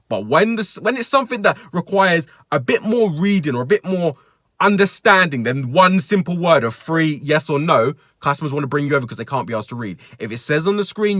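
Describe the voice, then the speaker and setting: Young man, ranting retail story, swings his pitch up and down, dry close sound. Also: expressive, normal speed, a bit bright, dry recording. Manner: exasperated, sweary, quotes customers in mocking voices. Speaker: retail worker telling a story.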